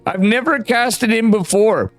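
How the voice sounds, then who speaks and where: A man imitating a Swedish male game caster, with a slow, flat put-on Swedish accent. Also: high voice, faint music behind, pitched above the performer's own voice. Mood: drawling.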